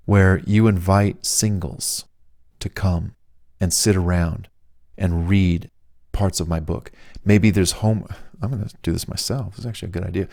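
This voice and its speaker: Chatty salesman-style male author, deep voice, dry close mic. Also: creaky, dark tone, no echo. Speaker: author reading and riffing on his own book. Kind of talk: casual advice monologue.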